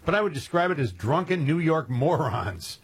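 A man co-hosts a casual radio talk show. His voice is husky, and he makes dry, sarcastic remarks and laughs often. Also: on the high side, sing-song, normal speed. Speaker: radio co-host.

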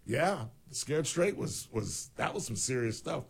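A man co-hosting a casual chat, telling stories with animated quoted voices and jokes. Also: medium pitch, unhurried, gravelly, breathy edge. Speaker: podcast host.

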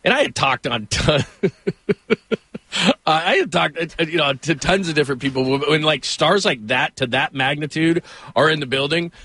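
A man's voice: on the high side, normal speed, sharp tone, husky, no room sound. A middle-aged man hosting a sports radio show, telling rambling stories and laughing often. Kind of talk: casual sports talk and storytelling.

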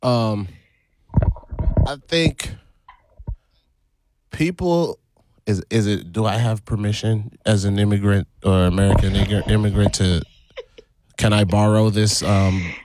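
A man co-hosting a podcast in casual chat, joking and firing back quick comebacks. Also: on the low side, darkish tone, a little hiss or hum. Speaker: podcast co-host. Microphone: desk studio mic.

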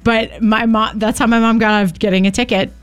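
Her voice sits on the high side, level and brisk, with a clear, resonant quality. As a radio co-host trading casual storytelling banter, she's chatty, leans heavily on "like," and laughs at her own anecdotes over a faint studio music bed.

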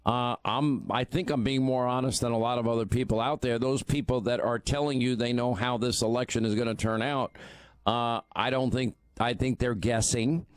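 A man's voice: mid-range voice, steady tone, normal speed, smooth, no echo. A man hosting a political talk radio show, chatty and joking about himself, his voice strained and tired from too much talking. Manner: conversational, self-deprecating banter. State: strained, worn voice from overuse.

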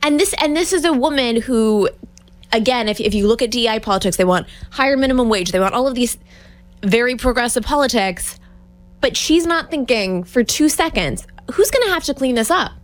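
A woman speaking as a newspaper columnist guest on a talk radio show, earnest and agreeable with some halting restarts. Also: fairly high pitch, animated.

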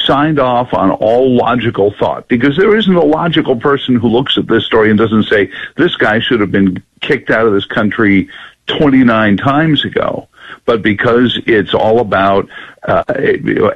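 A man who owns a local radio station, a guest on a political talk show, talking in animated bursts with restarts. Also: on the low side, no room sound, narrow, tinny audio. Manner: animated, many fillers and restarts.

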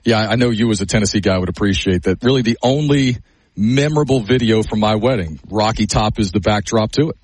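A man co-hosting a casual chat, telling stories in an animated way. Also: on the low side, brisk, breathy edge, no echo. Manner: animated storyteller.

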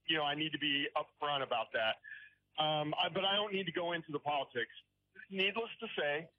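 A rambling male caller comes through a tinny, dry phone line, his voice sitting fairly high for a man. He hesitates and restarts, and keeps checking in with the host as he tells his story. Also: no echo. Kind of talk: call-in radio story. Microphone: telephone.

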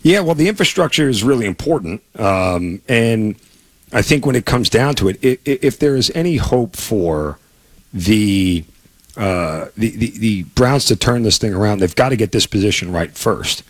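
Husky plain-spoken man on sports radio. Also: lowish voice, lively intonation, moderate pace, no echo. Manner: plain-spoken, folksy sayings, emphatic.

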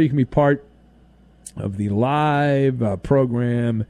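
A man's voice: mid-range voice, takes it slowly, dark tone, no echo. A man hosting a sports talk radio show, ranting sarcastically and mocking voices as he goes. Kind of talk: opinionated sports talk monologue.

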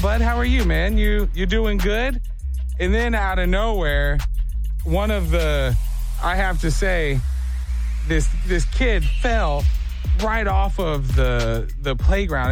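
Animated morning radio host man. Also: on the high side. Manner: animated storytelling, acts out voices.

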